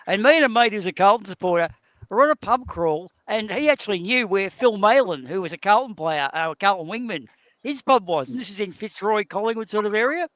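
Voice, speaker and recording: A man's voice: sits high, fairly bright tone, dry recording. A middle-aged man with an Australian accent, telling rowdy, profane stories in a casual podcast chat. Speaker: podcast co-host.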